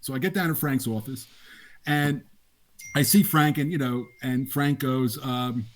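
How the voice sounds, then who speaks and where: A man's voice: mid-range voice, a little slow. An older man, a game designer, casually telling laughing anecdotes in an interview. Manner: animated, laughing anecdotes with acted quotes.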